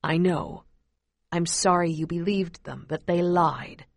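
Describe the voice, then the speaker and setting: A woman reading the lines of a gentle, grieving father, speaking softly and slowly in a lowered voice. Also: gravelly, no room sound, clean studio sound, exaggerated voice. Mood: gentle, sorrowful. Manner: soft, slow, lowered voice. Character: gentle, sorrowful father on a refugee march.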